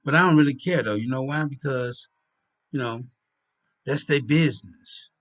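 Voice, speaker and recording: A man's voice: mid-range voice, normal speed, a bit bright. A tired, yawning man rambling through a casual monologue for his own video, repeating himself and murmuring asides. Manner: repetitive, drifting, with murmured asides. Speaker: vlogger.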